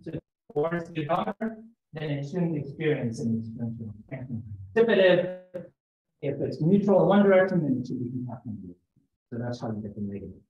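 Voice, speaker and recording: A man's voice: fairly high pitch, sing-song, brisk, a little mellow. A man giving a mathematics seminar talk, explaining step by step and thinking aloud as he goes. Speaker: lecturer. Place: seminar room. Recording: echoey lecture room, slightly dull sound.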